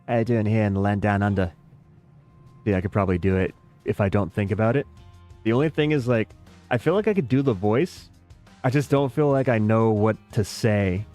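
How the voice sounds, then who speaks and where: Casual American male streamer, lowish voice, rambling and self-mocking chat with viewers. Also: darkish tone. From United States. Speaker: game streamer. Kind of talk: casual live-stream chat while playing.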